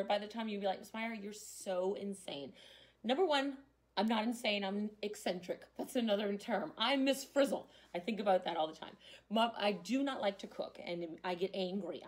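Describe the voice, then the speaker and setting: A middle-aged woman gives a casual classroom lecture, talking in a chatty way with laughing asides. Her voice sits a little high and swings widely in pitch. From Louisiana. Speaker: teacher.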